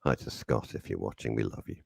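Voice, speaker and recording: A hoarse British man with a sore throat, hosting a radio show and telling a ranting, joking story. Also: a bass voice, a little fast, a little mellow, dry recording. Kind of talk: casual banter on air.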